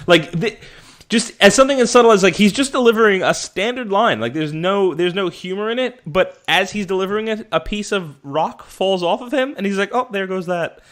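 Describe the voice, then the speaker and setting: A man's voice: high-pitched, a little fast, a bit bright. A man co-hosting a podcast, talking animatedly, laughing often and acting out quoted lines. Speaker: podcast co-host. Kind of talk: casual chat.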